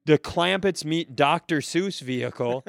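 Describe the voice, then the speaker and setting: A man on a comedy podcast telling a long story casually, animated and profane, laughing at his own punchlines. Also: a little high, a little slow, gravelly, dry recording, clean studio sound. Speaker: podcast co-host.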